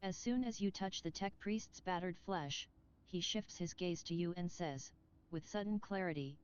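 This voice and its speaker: A woman's voice: fairly low pitch, smooth. Solemn woman narrating a game. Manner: solemn, measured storytelling. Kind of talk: scripted narration. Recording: slightly muffled game audio with music.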